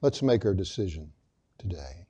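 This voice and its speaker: A male pastor delivers a sermon in a warm, mellow voice. He is earnest and drops into slow, soft phrasing to stress key points. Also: medium pitch. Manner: earnest, slows and softens for emphasis. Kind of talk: sermon with personal story.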